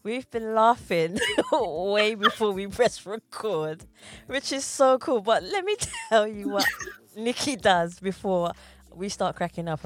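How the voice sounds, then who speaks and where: A woman hosting a podcast interview, enthusiastic and giggling between sentences. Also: lowish voice. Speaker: podcast host. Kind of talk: casual interview.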